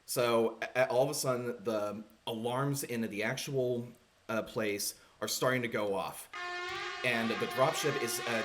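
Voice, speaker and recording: Male game master, mid-pitched, halting narration full of fillers. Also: steady tone, a bit bright, soft background music.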